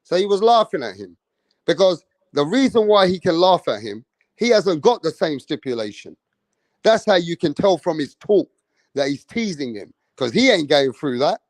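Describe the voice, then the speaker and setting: A man's voice: a little high, a little mellow, no echo. A young man hosting a live boxing stream, calling out viewers by name in casual street slang. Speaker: boxing livestream host.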